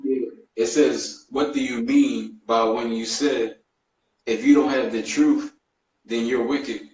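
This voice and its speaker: A man's voice: mid-range voice, fairly even intonation, takes it slowly, darkish tone. A man preaching bluntly and emphatically as he reads scripture. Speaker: fellow preacher in a debate. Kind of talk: casual preaching with scripture reading. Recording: roomy, distant, faint noise.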